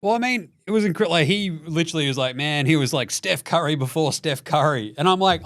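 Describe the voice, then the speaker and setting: A man with an Australian accent hosting a sports podcast, chatting casually and fast, with frequent laughs. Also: on the high side. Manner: lively, fast-talking, laughs often. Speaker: podcast host.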